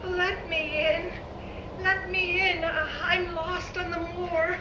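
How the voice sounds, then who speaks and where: A woman's voice: very high voice, level tone, slow. A woman voicing the ghost of a young woman lost on the moor, pleading and wailing in an old-time radio drama. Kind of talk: 1930s-style radio drama acting. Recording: echoey, dull, noisy remote recording.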